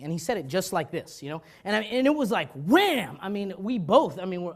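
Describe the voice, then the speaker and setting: Man preaching with loud-to-quiet swings. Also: sits high, fairly quick. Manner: animated storytelling, swinging from loud urgency to quiet; repeats and restarts words often. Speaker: pastor. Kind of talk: sermon.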